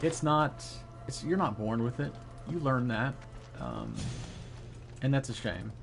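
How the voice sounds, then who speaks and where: A man's voice: mid-range voice, huge pitch swings, measured pace, gravelly, soft background music. A man chatting casually with his viewers while gaming, rambling with lots of fillers and restarts. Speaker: live streamer.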